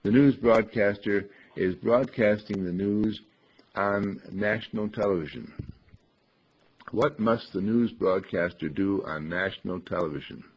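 A man giving an earnest, deliberate lesson on speaking clearly. He often clears his throat and restarts his phrases. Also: lowish voice. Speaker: speech teacher. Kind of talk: instructive talk on clear speech. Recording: dull lo-fi recording.

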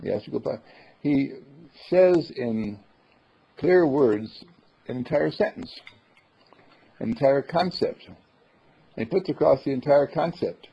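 A man's voice: medium pitch, animated, a little slow, creaky, pauses often, slightly rough. A man giving a rambling, folksy spiritual talk, acting out the quotes he tells. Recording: dull lo-fi recording.

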